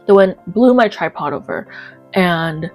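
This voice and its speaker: A woman narrating her own life story as an author, acting out her past reactions with lively quoted lines. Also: on the low side, a little slow, soft background music.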